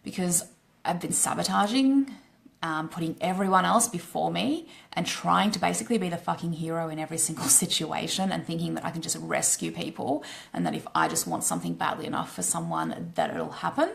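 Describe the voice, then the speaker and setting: A woman coach with an Australian accent giving a blunt, casual live-stream pitch, swearing freely and tagging her points with "right?". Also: animated, brisk, vocal fry.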